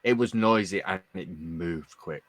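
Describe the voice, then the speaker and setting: Man, lower pitch, dry close sound, chatty co-host. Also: measured pace, a bit bright, no echo. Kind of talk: casual chat on a live stream.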